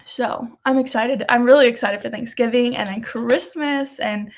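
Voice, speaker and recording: A woman's voice: on the high side, moderate pace. A young woman in her twenties hosting a casual weekly live chat, rambling and laughing often.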